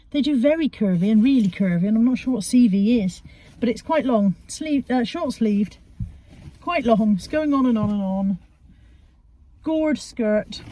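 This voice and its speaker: A woman's voice: a little high, mellow. A middle-aged woman chatting casually from inside a car, rambling through her shop finds with self-mocking humour. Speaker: vlogger showing charity shop finds. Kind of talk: casual chatty haul video.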